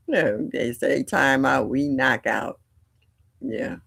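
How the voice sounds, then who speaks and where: Gravelly, lively older woman telling stories. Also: very deep voice, no room sound, clean studio sound. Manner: blunt, animated, with laughs. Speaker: livestream host. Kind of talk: casual storytelling chat.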